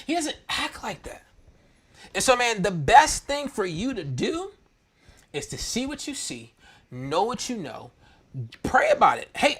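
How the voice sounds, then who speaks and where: A man with a notably high-pitched voice tells a personal story from his own childhood and family life. He talks in a loose, slangy way, laughing as he goes. He speaks like a church talk host. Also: a bit bright, breathy edge. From Maryland, US.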